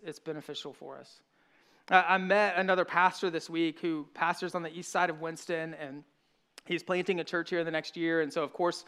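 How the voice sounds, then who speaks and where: A man's voice: a little high, fairly bright tone, clear, resonant tone. A man in his thirties, a pastor, preaching a sermon in an earnest, conversational way with frequent restarts.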